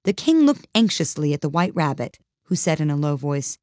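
A woman reading a storybook aloud in a lively, expressive way, her low voice rising and falling freely. The sound is close and dry, with no room around it. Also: normal speed, no room sound. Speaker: audiobook reader. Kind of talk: storybook narration.

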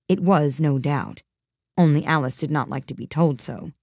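A woman with a deep, low voice narrates a children's classic in a measured, steady read. The recording is dry and close, with no room sound. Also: dry recording. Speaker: audiobook narrator. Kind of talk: storybook narration.

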